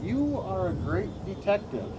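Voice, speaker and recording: A man's voice: sits high, very animated, measured pace, very noisy, voice pushed up. A man voicing a fretful, doubtful king while reading a children's picture book aloud. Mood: worried.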